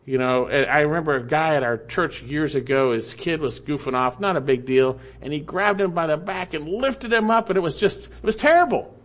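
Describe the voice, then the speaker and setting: A man's voice: a little high, fairly quick, hardly any pauses, a bit bright. A man preaching an expository sermon, explaining the Hebrew text and repeating key phrases with rising emphasis. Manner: explains Hebrew grammar in a teaching tone. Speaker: pastor.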